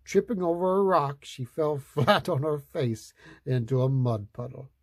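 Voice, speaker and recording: A man reading a picture book aloud, slow, playful and expressive. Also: fairly high pitch, no room sound. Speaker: storyteller.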